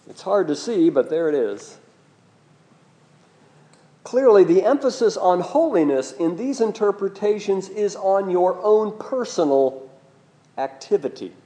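A man's voice: on the high side, mellow. A man preaching a sermon, teaching in a conversational way with asides and questions to the listeners.

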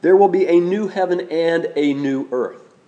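A man preaching a sermon, speaking in a measured way, slowing down and repeating key phrases for emphasis. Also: a little high, dark tone, lo-fi sound.

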